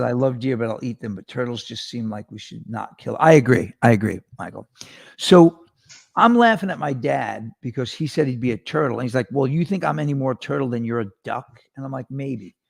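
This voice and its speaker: A male talk show host telling rambling, animated stories in a casual chat, with a radio-style voice. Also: medium pitch, no room sound, studio quality. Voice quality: gravelly radio voice. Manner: rambling, animated storyteller with restarts.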